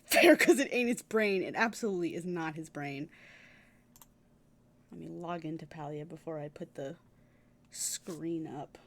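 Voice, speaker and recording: A woman's voice: sits low, unhurried, pauses often. A young woman streaming a game, chatting casually, gushing and swearing as she reacts.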